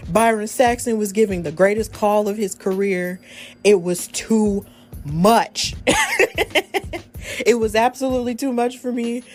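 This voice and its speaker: A woman's voice: medium pitch, normal speed, dark tone, faint music behind. A young woman hosting a podcast, telling a personal story in an earnest, emotional way and laughing at times. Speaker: podcast host.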